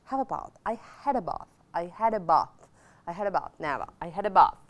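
A woman's voice: lowish voice, animated, fairly quick. A middle-aged woman with a Sri Lankan accent teaching English on a TV lesson, drilling phrases over and over and switching into Sinhala.

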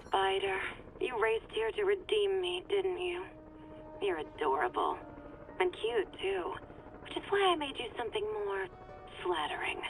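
Fields: Black Cat, sultry teasing cat burglar. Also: female voice, fairly high pitch, huge pitch swings, unhurried, soft background music, exaggerated voice, low-quality recording. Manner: teasing, purring, drops into a whisper. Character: sly flirtatious female cat burglar. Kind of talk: video game voice acting.

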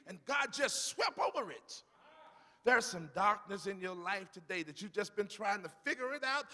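Man, pastor, fervent sermon, high voice, gravelly, church reverb. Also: sharp tone. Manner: fervent preaching, calls for congregation responses. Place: church sanctuary. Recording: long reverb of a church sanctuary.

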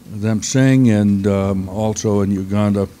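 A man's voice: on the low side, fairly even intonation, measured pace, dark tone. A man introducing singers on stage in a joking, teasing way.

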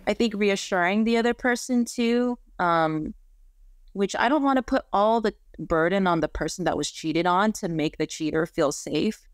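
A woman's voice: mid-range voice, normal speed, clean tone, no echo, clean studio sound. A woman therapist explaining things earnestly in an interview, often checking in with "right?". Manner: frequent "right?" tag questions, earnest and explanatory. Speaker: marriage and family therapist, guest. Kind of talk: conversational interview.

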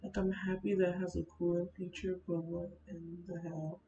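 A woman's voice: lowish voice, little pitch movement, moderate pace. Chatty young woman vlogging, roomy lo-fi sound. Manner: chatty, complaining, keeps addressing viewers as y'all. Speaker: Sims content creator. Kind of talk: casual screen-recorded gaming vlog. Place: indoors at a computer. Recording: roomy, dull built-in mic with faint fan noise.

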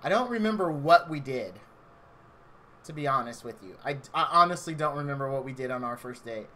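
A man's voice: medium pitch, expressive, fairly quick, bright, forceful tone. A man in his thirties telling a rambling personal story on a live game stream, chatty and full of "like".

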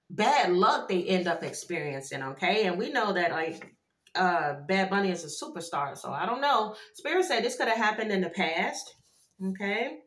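A woman doing a casual tarot card reading for her viewers, animated and chatty, with frequent exclamations. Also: mid-range voice. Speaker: tarot reader. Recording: echoey room.

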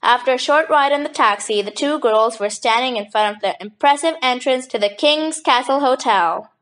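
A woman narrating a mystery story for young readers. She reads steadily and clearly, with a voice pitched somewhat high. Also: moderate pace, fairly bright tone. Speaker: audiobook narrator.

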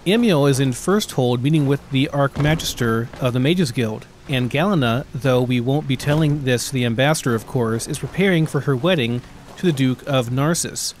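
A man voicing a calm, wry, diplomatic prince while reading a game book aloud. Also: medium pitch, normal speed, slight background noise, natural voice. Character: smooth diplomatic adult prince, wry and scheming.

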